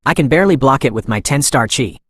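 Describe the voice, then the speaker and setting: A man's voice: medium pitch, animated, quick pace, slightly rough, dry recording, studio quality. A man voicing a boastful, ruthless male martial arts master in a comic recap, reading his taunts. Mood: dismayed. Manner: angry, shouting taunts.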